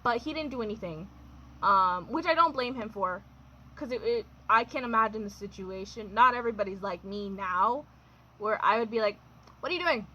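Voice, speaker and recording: A woman's voice: medium pitch, moderate pace, sharp tone, highs cut off. A young adult woman telling a personal storytime in a chatty, wry way, full of fillers and laughs. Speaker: vlogger. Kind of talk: casual storytime.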